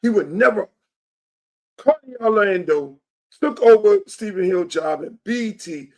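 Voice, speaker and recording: A man with a high-pitched voice holds forth in a casual political monologue. He is blunt and emphatic, swears freely, and hammers the same phrases again and again. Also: animated, unhurried. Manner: emphatic, repetitive, blunt and profane. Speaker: show host and political candidate.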